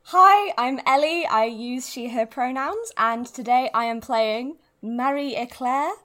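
A woman's voice: high voice, measured pace, pushed and bright. A woman guest on a tabletop game podcast, bubbly and giggly in casual chat. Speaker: guest player.

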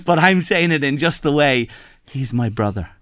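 An Irish man hosting a radio show, telling stories in a chatty, animated way. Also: fairly high pitch, normal speed, no echo, studio quality. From Ireland. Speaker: radio host. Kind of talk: casual radio chat.

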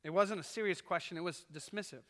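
A man's voice: sits high, fast, a bit bright. A man preaching a sermon as pastor, earnest and swelling and dropping in volume as he retells a scene. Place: church sanctuary. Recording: echoey church hall.

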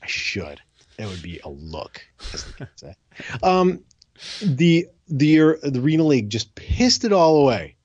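A man's voice: fairly high pitch, unhurried, breathy edge, no echo, highs cut off. A man co-hosting a casual podcast, joking and ranting about sports. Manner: animated, jokey rants. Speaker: podcast co-host. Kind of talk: casual chat.

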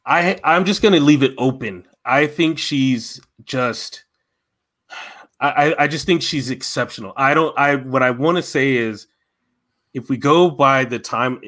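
A man's voice: medium pitch, a little slow, fairly bright tone. A man co-hosting a casual fan chat, talking enthusiastically and rambling with many restarts.

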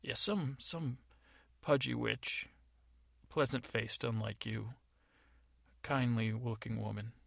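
A man plays a pompous new captain of the guard, brusque and dismissive. The gravelly voice is recorded close and dry. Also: medium pitch, fairly even intonation, slow, pauses often, fairly bright tone, no echo, exaggerated voice.

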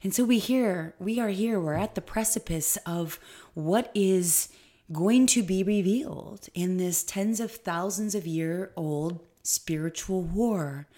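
Woman doing a spiritual podcast solo, low warm voice, rambly stream of consciousness. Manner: emphatic. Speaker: podcast host.

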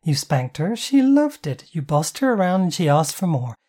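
A narrator voicing a brash, foul-mouthed, bossy woman who teases her sister, in a higher, mellow voice. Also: sing-song, moderate pace, husky. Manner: loud, bossy and swearing.

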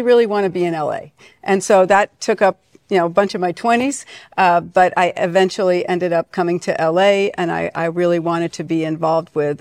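Speaking in a lowish, darkish voice, this foundation leader from Connecticut, a middle-aged woman, tells her story as an interview guest in a venue hall. She uses lots of fillers and restarts, captured in studio-quality audio without room sound.

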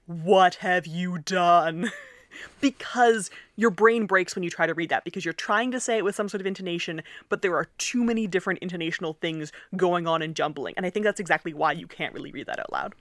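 A woman's voice: fairly low pitch, fast, few pauses, fairly bright tone, dry recording. A woman linguist guest in a casual interview, explaining with animation and laughing often as she acts out examples.

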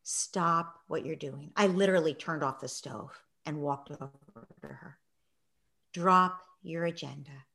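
A middle-aged woman telling a story in a conversation, acting out quoted voices and sinking to a soft near-whisper in reflective moments. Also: low-pitched, measured pace, gravelly. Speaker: guest, parenting author.

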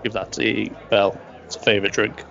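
A man running a tabletop game as dungeon master, narrating in a halting way with many pauses and fillers. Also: fairly low pitch, fairly even intonation, gravelly, pushed and bright. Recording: dull lo-fi recording.

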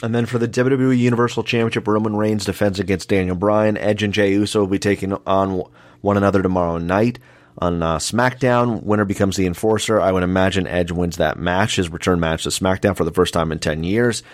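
A man with a somewhat low voice hosts a casual wrestling podcast. He runs through match predictions like an announcer and speaks straight to his listeners. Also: steady tone, brisk. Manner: announcer-like, addressing listeners as folks. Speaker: podcast host.

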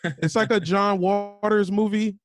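A man's voice: high-pitched, steady tone, measured pace. A man co-hosting a podcast, chatting casually and laughing along.

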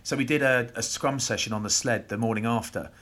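A man, former rugby player, co-hosting a podcast and telling stories in lively casual chat. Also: mid-range voice. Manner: animated anecdote telling with quick voice impressions.

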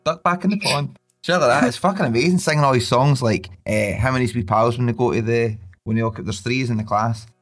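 A young man, co-hosting a podcast and telling stories about his baby in a sweary, laughing, animated chat. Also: medium pitch, fast, hardly any pauses. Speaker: podcast co-host. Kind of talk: casual chat.

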